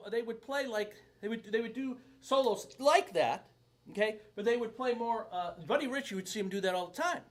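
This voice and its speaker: Chatty drum teacher, lively voice. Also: male voice, high-pitched. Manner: rambling, joking, self-deprecating. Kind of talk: casual video lesson. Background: loud drum kit playing.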